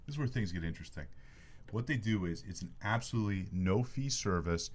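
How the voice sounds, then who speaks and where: Chatty lower-voiced male sports podcast host. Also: brisk, a little hiss or hum. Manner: jokey, chatty, animated plugs. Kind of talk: casual sports talk and plugs. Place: studio.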